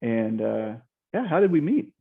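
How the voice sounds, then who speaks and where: Husky Midwestern man on a tinny call. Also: mid-range voice, sing-song, normal speed. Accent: Midwestern American. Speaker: podcast host. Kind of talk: casual interview chat. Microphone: video call. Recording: thin phone-like video-call audio.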